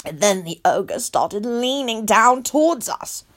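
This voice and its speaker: Animated woman reading a storybook. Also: fairly high pitch, takes it slowly. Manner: animated, childlike narrator voice. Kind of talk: first-person storybook reading.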